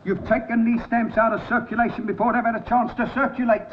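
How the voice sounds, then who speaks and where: An actor playing a harassed, flustered shopkeeper husband in a 1960s television sitcom. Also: male voice, very high-pitched, level tone, fast talker. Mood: exasperated. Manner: flustered and pleading. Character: harassed, put-upon middle-aged shopkeeper husband. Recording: dull old TV soundtrack with hiss.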